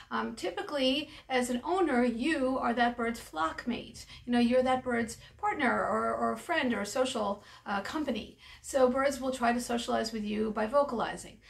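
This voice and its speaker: A woman veterinarian explaining bird care in a calm, practical educational talk. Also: a little high, gravelly, far from the mic. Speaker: avian veterinarian.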